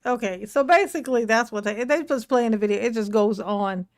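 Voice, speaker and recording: A woman's voice: a little high, normal speed, few pauses. A woman hosting a reaction video, giving casual, blunt and sarcastic commentary with plenty of swearing. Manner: blunt, emphatic, profane and sarcastic.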